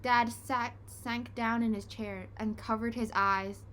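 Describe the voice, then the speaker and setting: A woman reading a children's storybook aloud, expressive and unhurried. Her voice is bright and slightly high, and she takes her time. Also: slight background noise.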